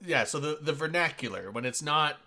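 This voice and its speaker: A man's voice: fairly high pitch, lively intonation, brisk, bright, forceful tone. A man hosting a casual voice chat, buzzed from drinking, who rambles and restarts his sentences.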